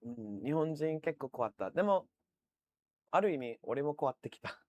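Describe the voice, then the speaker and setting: A man's voice: on the high side, expressive, fast, darkish tone. A man streaming live, chatting casually and reading out viewer comments, swearing freely and laughing often.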